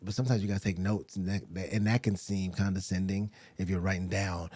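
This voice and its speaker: A man with a Southern US accent talking casually as a podcast guest, rambling, swearing freely and now and then jumping into high, laughing asides. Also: fairly even intonation, fast talker, a little mellow, husky, no room sound. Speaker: actor and director, podcast guest. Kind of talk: casual conversational interview.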